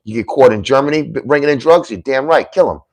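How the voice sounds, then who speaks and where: A male political commentator on a livestream reads viewer comments aloud and answers them combatively. He scolds, calls critics dummies, and hammers his points in repetitive, emphatic lists. His mid-range voice is fast and a little mellow.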